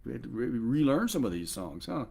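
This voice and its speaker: A man's voice: medium pitch, sing-song, fairly quick, creaky, mellow, husky. A man wrapping up a live music show, a little out of breath, thanking viewers and saying good night.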